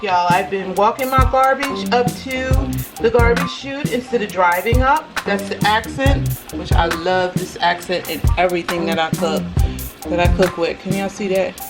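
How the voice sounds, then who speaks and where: A woman's voice: mid-range voice, poor audio. Chatty woman cooking at home. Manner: chatty, talks straight to viewers. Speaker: vlogger. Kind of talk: casual cooking vlog chat. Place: home kitchen. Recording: home video with loud music behind.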